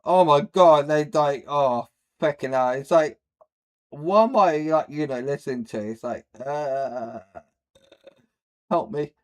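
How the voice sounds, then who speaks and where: A man's voice: a little high, slow, pauses often. A man hosting a reaction video, who rambles bluntly with many fillers and says he has a speech problem. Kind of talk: casual reaction commentary.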